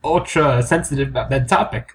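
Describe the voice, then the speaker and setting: A man's voice: mid-range voice, fairly quick, fairly bright tone. A man co-hosting a comedy podcast in casual chat, rambling, crude and self-mocking. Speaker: podcast co-host.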